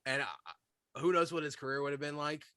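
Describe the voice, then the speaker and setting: A man's voice: on the high side, expressive, normal speed, pushed and bright, clear, resonant tone, dry recording. A male podcast host talking through his opinions in a loose, hedging way, stacking up "I think" before he commits. His voice jumps around animatedly and sounds dry and close, with no room around it. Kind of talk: casual chat.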